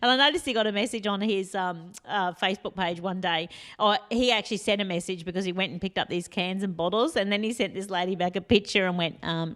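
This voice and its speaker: A woman telling funny stories casually to the camera, chatty and animated, with frequent laughs and rambling asides. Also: mid-range voice, fast talker. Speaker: support worker and vlogger. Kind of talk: casual storytelling.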